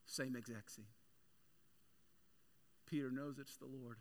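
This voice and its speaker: A male pastor preaching a sermon with energetic, animated storytelling. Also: mid-range voice, slow pace.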